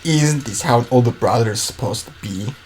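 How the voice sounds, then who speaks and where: A man voicing a stern, regretful middle-aged eldest brother in a quiet, subdued read. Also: mid-range voice, a little fast, a little hiss or hum, natural voice. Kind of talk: reading a visual novel aloud.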